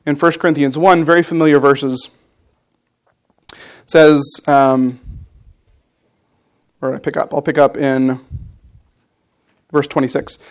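A man giving a sermon, reading scripture aloud and explaining it in a relaxed, conversational teaching manner with small fillers and restarts. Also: fairly high pitch, takes it slowly, long pauses, clean tone. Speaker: preacher.

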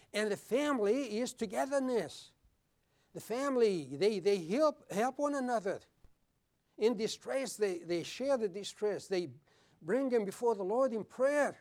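A man preaching a sermon, earnest and repeating his words, at times dropping low and soft for solemn points. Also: animated, normal speed. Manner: earnest, repeats words, clears throat often.

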